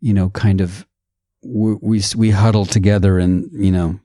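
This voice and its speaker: Middle-aged male guest, deep voice, animated and digressive, dry close mic. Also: normal speed, no echo. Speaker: podcast guest. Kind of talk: casual conversation.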